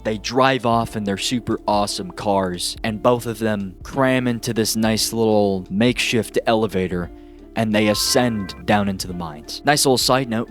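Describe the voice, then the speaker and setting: A man casually recapping a horror movie with sarcastic, excitable asides and lots of fillers. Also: fairly low pitch.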